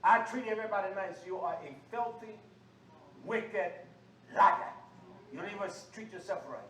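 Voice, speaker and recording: Preacher, male, high voice, fiery call-and-response sermon, recorded far off in an echoey room with faint noise. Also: fairly quick. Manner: preaching with call-and-response, swinging from low talk to shouting.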